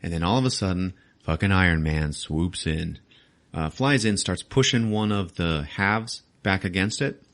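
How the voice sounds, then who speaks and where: A man's voice: deep voice, normal speed, a bit bright. A man hosting a podcast, recapping a movie in loose casual chat, swearing and laughing as he acts out the scenes. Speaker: podcast host.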